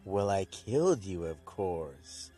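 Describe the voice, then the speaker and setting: A man's voice: deep voice, big pitch swings, slow, warm tone, husky, faint music behind, exaggerated voice. A man voicing a smug, sinister male villain, gloating and taunting. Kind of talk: casual episode recap with voiced quotes.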